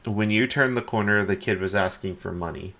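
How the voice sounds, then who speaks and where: A man with a fairly low voice runs a tabletop game in a calm, steady way. He recaps events for his players and narrates what happens next. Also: brisk, vocal fry. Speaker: game master.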